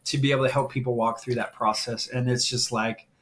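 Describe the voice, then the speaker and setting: A man's voice: mid-range voice, flat delivery, brisk, fairly bright tone. A middle-aged man speaking as a guest on a live stream, telling a heartfelt story and getting emotional as he talks. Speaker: guest, grief coach.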